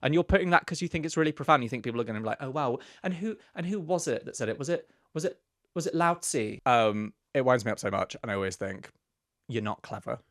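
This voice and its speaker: A man co-hosting a camp comedy podcast in a studio. He rants theatrically and bursts into laughter while reading letters aloud, his pitch swooping all over the place. The sound is dry and close to the mic. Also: animated, fast, no room sound. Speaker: podcast co-host.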